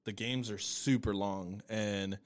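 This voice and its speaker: A man's voice: fairly low pitch, steady tone, takes it slowly. A man in casual podcast chat who rambles through his thoughts, swearing casually. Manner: rambling, many fillers and restarts, swears casually.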